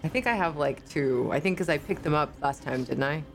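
A woman's voice: low voice, a little fast, creaky, over music. A woman playing a tabletop game, speaking hesitantly with fillers as she declares her moves. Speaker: player.

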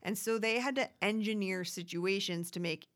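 A woman co-hosting a podcast, chatting casually and quickly about a reality show, swearing freely. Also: mid-range voice. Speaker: podcast co-host.

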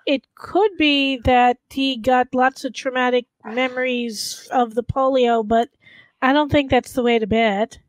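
A woman playing a tabletop game, reasoning through clues in a measured, analytical way. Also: high-pitched, fairly even intonation, no echo. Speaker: player.

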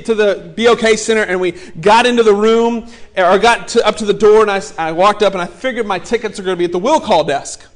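Animated high-voiced male pastor. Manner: animated, joking, acts out the people in his story. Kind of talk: sermon storytelling.

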